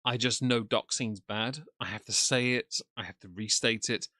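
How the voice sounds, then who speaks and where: Guy riffing dry and mocking on a live stream, bright crisp voice, dead dry mic. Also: on the low side, steady tone, normal speed, no echo. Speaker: livestream commentator. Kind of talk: sarcastic live commentary. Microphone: desk mic, off camera.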